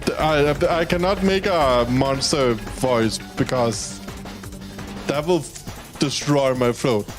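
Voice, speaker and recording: A man's voice: medium pitch, slow pace, over music. A man from Denmark streaming a game, reading its text aloud and commenting casually, swearing freely.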